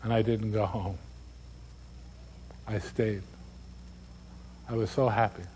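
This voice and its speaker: A man's voice: on the low side, steady tone, slow pace, a little mellow, slight background noise, rough recording. An actor performing a one-man stage monologue as a recovering alcoholic man, telling his story earnestly and quoting the people in it.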